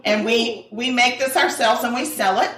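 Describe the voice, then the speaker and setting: A woman's voice: on the high side, normal speed, a bit bright. A woman hosting a cooking show, chatting casually and laughing often as she cooks in a kitchen. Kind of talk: casual chat while cooking. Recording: echoey room, mic at a distance, faint noise.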